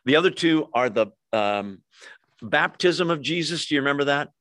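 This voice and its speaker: A pastor teaches a sermon verse by verse, preaching expressively and posing questions to the congregation. His voice is slightly high and moves at a normal speed, with no echo.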